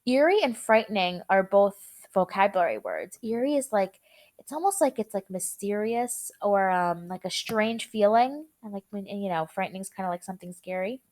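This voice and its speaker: A woman's voice: mid-range voice, expressive, a little fast, a little mellow. A young woman teacher reading a chapter aloud to her students and explaining words in a casual, chatty way.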